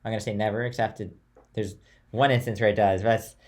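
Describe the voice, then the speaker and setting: A young man teaching a chant class in a relaxed, chatty way, switching between talk and sung note names and phrases. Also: lowish voice, fast talker.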